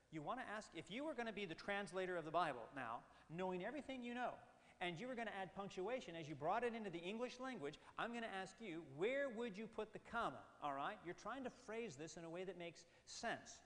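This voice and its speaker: A man's voice: high voice, a bit bright. A man preaching an emphatic seminar sermon, often putting questions to his audience. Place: hall with audience. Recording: long hall reverb.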